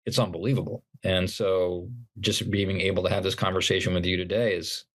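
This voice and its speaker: A middle-aged man speaks with a fairly low voice as an interview guest. He tells his personal story earnestly, stopping and restarting his sentences and acting out the dialogue. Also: little pitch movement, brisk, fairly bright tone. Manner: earnest, retelling events with acted-out dialogue and frequent restarts. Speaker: podcast guest, motivational speaker.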